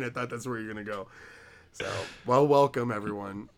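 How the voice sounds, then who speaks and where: A man's voice: medium pitch, brisk, long pauses, a bit bright. A man co-hosting a casual podcast, chatty and rambling with lots of fillers, often laughing. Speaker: podcast co-host.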